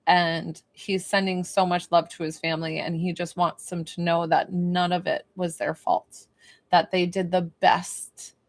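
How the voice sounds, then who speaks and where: A woman giving a psychic reading and healing on a live stream, talking in a soft, emotional, rambling and reassuring way. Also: lowish voice. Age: young adult or middle-aged, a mother. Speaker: psychic medium and energy healer, live stream host.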